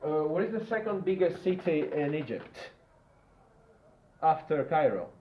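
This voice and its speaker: Lively male teacher in an echoey classroom. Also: on the high side, unhurried, slight background noise. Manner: checks in with the class, stretches out example words. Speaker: English teacher. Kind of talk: classroom grammar lesson. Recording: dull lo-fi classroom recording with room echo.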